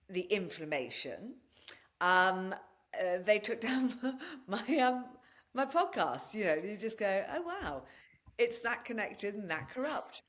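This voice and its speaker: Blunt, animated woman telling her story. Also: on the low side. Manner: blunt and animated, swears freely. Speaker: podcast guest and wellness practitioner. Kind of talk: candid interview storytelling.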